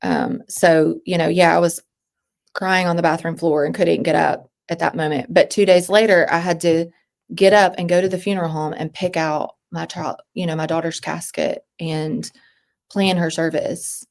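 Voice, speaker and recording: A woman in her thirties with a slightly low voice speaks as a podcast guest. Her talk is halting, full of restarts and sentences that trail off. The tone is that of a personal interview. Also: steady tone, creaky.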